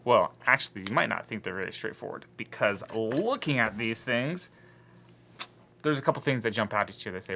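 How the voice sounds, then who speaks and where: A man's voice: on the low side, expressive, normal speed, vocal fry, bright, forceful tone, a little hiss or hum. A man teaching a Spanish grammar lesson to his class, explaining patiently and voicing the objections students might raise.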